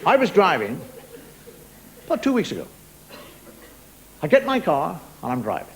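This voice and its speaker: This is live show audio, crowd noise included, of a middle-aged man doing stand-up before an audience in a television studio. Exasperated, he rants about ordinary annoyances while mimicking people and car horns, his fairly high voice swinging hugely in pitch at a normal pace.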